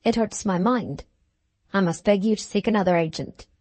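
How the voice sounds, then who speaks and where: A woman voicing a grave, gentle old land agent. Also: medium pitch, moderate pace, no echo, lightly acted. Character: stern honest older male land agent.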